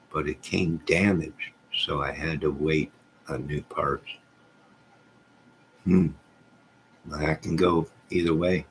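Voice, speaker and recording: A man's voice: rumbling low, gravelly, a little hiss or hum. A man hosting a casual livestream from home, joking and teasing viewers by name as he reads the chat. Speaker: livestream host reading chat. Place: at home with goats nearby.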